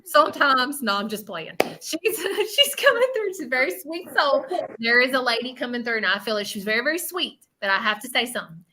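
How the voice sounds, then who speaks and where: Southern woman medium, bright voice with a faint hiss behind it, soothing and repetitive on a live reading. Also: fairly high pitch, big pitch swings, brisk, rough recording. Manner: reassuring, repeats herself, keeps asking okay. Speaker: spiritual medium.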